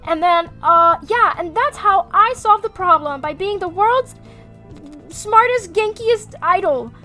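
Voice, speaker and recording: A woman's voice: extremely high pitch, animated, unhurried, pushed and bright, faint music behind, pitched above the performer's own voice, exaggerated voice. A woman mimicking a smug, over-eager young woman who boasts about solving a problem in a sing-song voice. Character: smug know-it-all young woman showing off.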